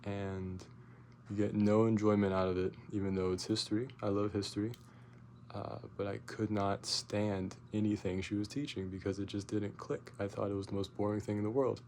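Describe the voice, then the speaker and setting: Young man rambling, profane and gravelly. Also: on the low side, normal speed, slight background noise. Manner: rambling, profane, many fillers and restarts; gets loud and animated when retelling his outburst. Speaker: vlogger. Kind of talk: casual storytelling rant.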